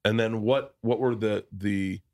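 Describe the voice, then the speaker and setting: A man's voice: fairly low pitch, fairly even intonation, a little slow, a little mellow. A man from the American South who hosts a podcast and tells rambling, profane stories in casual chat, often restarting his sentences. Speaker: podcast host.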